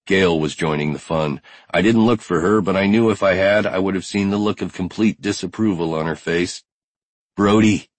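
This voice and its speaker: A man's voice: low voice, brisk, few pauses, dry recording. A man narrating a first-person audiobook with tense, driven storytelling.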